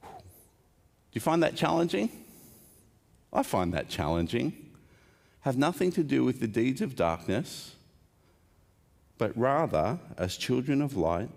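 A man's voice: medium pitch, sing-song, unhurried, gravelly, pauses often, a little mellow. A man preaching a sermon in a conversational way, putting questions to the congregation and adding wry asides. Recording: long hall reverb.

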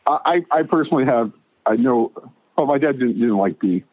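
Over a tinny phone line that sounds dry and close with no echo, a middle-aged guest tells a long, meandering story in a medium-pitched voice at a fairly quick pace. He keeps stumbling into restarts and performs the quotes with animation.

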